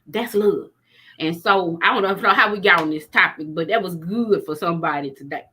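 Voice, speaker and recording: A woman's voice: lowish voice, brisk, bright, forceful tone, husky. A middle-aged woman hosting a faith-based talk show, frank and plain-spoken as she preaches. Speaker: podcast host.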